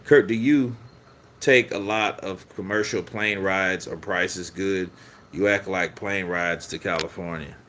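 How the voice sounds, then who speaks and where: A man's voice: low-pitched, fairly even intonation, measured pace, a bit bright, a little hiss or hum. A man hosting a live boxing news stream, joking and swearing casually while answering viewer comments. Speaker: host of a boxing news channel.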